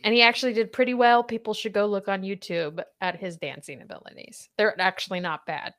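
A woman in her thirties hosts a casual podcast chat. Her pitch sits in the middle of the female range but leaps up and down as she quizzes her guest in a chatty, playful way. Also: fairly even intonation, a little fast, fairly bright tone. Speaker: podcast host.

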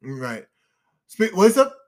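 A young man co-hosting a casual podcast chat, excitable and emotional, calling his listeners "y'all". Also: high voice, slow. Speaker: podcast co-host.

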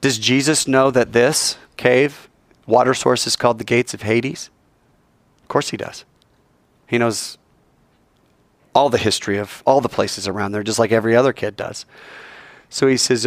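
A man's voice: medium pitch, normal speed, long pauses, no room sound. A man preaching a sermon, telling the story with energy and acting out the voices of the people in it. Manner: animated storytelling, acts out voices, swings from loud to soft.

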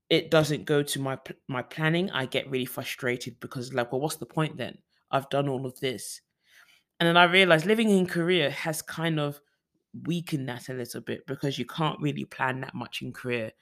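A man's voice: medium pitch, a bit bright. A young man from the UK talking casually in a personal vlog, rambling with frequent restarts and fillers. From United Kingdom. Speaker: vlogger.

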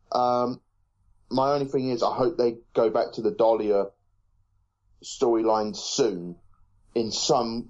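Brief: male co-host, medium pitch, rambling casual delivery, muffled lo-fi recording. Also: a little mellow. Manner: rambling, many fillers and restarts. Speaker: podcast co-host. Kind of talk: casual review chat.

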